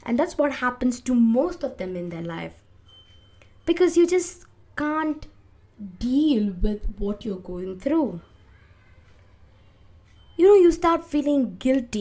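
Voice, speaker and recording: A young woman speaks alone on her podcast, unhurried and drawn-out. Her voice sits at a middle pitch and swells suddenly louder when she acts out what people think in pain. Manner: slow, emotive, acts out inner voices with big swings in loudness. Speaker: podcast host. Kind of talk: reflective podcast monologue.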